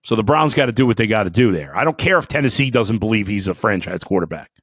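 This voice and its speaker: A man hosting a sports podcast, ranting angrily and swearing, with outbursts that drop to low muttering. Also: animated, quick pace, no echo, studio quality. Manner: fiery, profane, swings between shouting and muttering. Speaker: sports talk podcast host. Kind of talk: angry sports rant.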